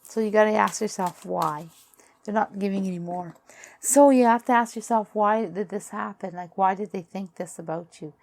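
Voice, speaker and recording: A woman giving a casual tarot card reading who is losing her voice, musing aloud in halting, repetitive phrases. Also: medium pitch, creaky, a little mellow. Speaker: tarot reader.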